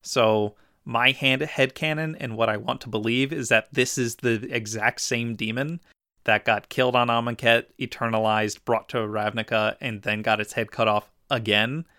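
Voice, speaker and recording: A man's voice: mid-range voice, steady tone, normal speed, sharp tone, no room sound, clean studio sound. A man co-hosting a podcast, chatting enthusiastically and describing details with some fillers. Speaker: podcast co-host. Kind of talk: casual chat.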